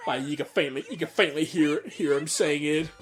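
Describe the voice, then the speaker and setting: High-pitched man, loose rambling director's commentary, self-correcting. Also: normal speed. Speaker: comic dub director. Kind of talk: casual audio commentary.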